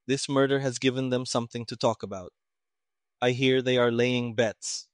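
A man voicing a crisp, matter-of-fact army major. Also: mid-range voice, little pitch movement, moderate pace, no room sound, studio quality, natural voice.

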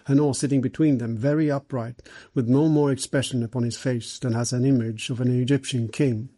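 A man narrating an audiobook in a steady, measured way. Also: medium pitch, dry recording, poor audio.

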